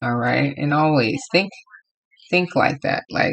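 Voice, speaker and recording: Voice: mid-range voice, unhurried, gravelly, poor audio. A tarot reader from Los Angeles giving a casual, rambling reading to viewers and laughing often.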